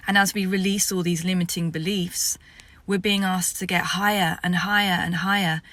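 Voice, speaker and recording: A woman's voice: fairly low pitch, fairly even intonation, moderate pace, fairly bright tone, dry recording. A woman, a spiritual vlogger, telling the story of a vision in a rambling way that sometimes drops to a whisper.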